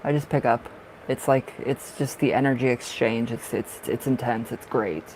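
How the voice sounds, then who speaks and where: A man with a raspy smoker's voice doing tarot readings on a livestream, chatting in a rambling way and laughing often. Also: medium pitch, steady tone, moderate pace, darkish tone, slight background noise, rough recording. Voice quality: raspy from smoking. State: short of breath at times. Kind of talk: casual livestream chat.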